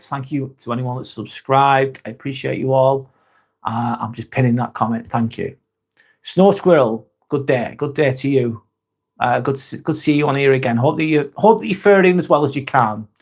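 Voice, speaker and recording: A man hosting a casual live chat, reading viewer comments aloud, laid-back, laughing often and swearing freely. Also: medium pitch. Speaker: livestream host.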